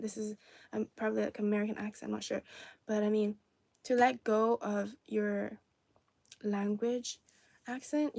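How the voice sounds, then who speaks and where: A woman's voice: a little high, vocal fry, a little mellow, no room sound. A young woman from China, a native Cantonese speaker, chatting casually on a livestream and answering viewers' comments. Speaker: livestream host. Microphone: phone or camera on tripod.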